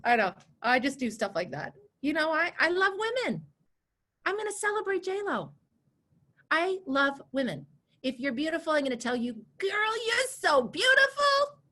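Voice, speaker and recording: A woman in her forties teaching a live online coaching class over a video call, chatty and animated, laughing easily and repeating herself. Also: sits high, moderate pace. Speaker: coach and course instructor.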